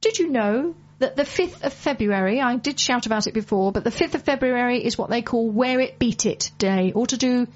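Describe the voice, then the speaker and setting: Woman, radio host, casual chat, from the UK, slightly high voice, dull recording. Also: moderate pace, few pauses. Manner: chatty, reminds listeners of events. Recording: muffled lo-fi broadcast audio.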